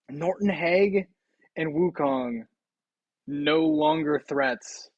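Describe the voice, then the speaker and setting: A mobile game video creator giving casual gameplay commentary, chatty, swearing freely and breaking into loud laughing outbursts. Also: mid-range voice, slow, pauses often, dry recording.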